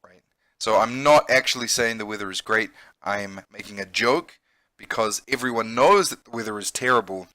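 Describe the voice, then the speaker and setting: Bright-voiced man teaching vocabulary. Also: lowish voice, normal speed, no echo. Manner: patient explaining, checks in with frequent "okay?". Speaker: English teacher. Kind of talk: vocabulary lesson.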